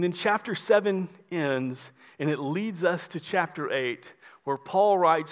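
High-voiced preacher in a reverberant hall. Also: male voice, expressive, takes it slowly. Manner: emphatic preaching, repeats phrases, drops soft on key words. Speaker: pastor. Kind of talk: sermon.

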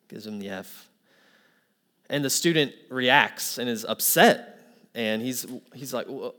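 A man's voice: on the low side, steady tone, slow, sharp tone. A man preaching a sermon to his church, telling an anecdote and then pressing home his point earnestly. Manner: storytelling with quoted voices, then earnest preaching. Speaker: pastor.

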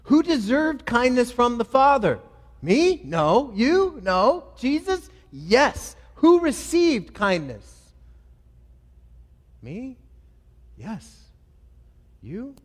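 A man's voice: very high-pitched, sing-song, slow, in a large hall. A male pastor preaching a sermon, asking questions and answering them himself in an emphatic delivery.

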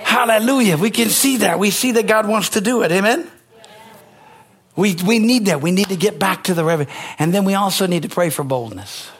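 A pastor preaching a sermon, emphatic, rising to near-shouted peaks on key lines. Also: male voice, high voice, moderate pace, breathy edge.

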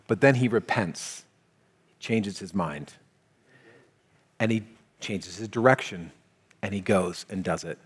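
A man preaching a sermon as pastor, talking in a conversational, animated way. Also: on the low side, takes it slowly, pauses often, husky. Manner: conversational, animated, shifts into quoted voices. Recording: long hall reverb, faint music.

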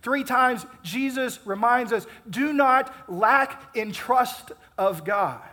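A pastor delivering a sermon, measured and emphatic, building intensity and then easing off. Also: male voice, very high-pitched, sharp tone. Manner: measured, emphatic preaching with rising and falling intensity.

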